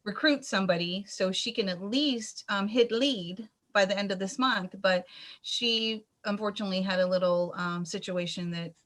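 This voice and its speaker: Southern woman, guest director, bright forceful voice, earnest talker with many fillers. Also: medium pitch, normal speed. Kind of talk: casual chat on a video call.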